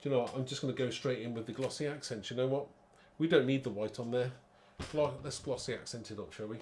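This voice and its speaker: Male craft-demo host, mid-pitched, rambling and self-mocking, faint background hiss. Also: quick pace, a little mellow. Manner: chatty, rambling, thinks aloud; self-mocking, laughs at own muddle. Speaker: card-making demonstrator.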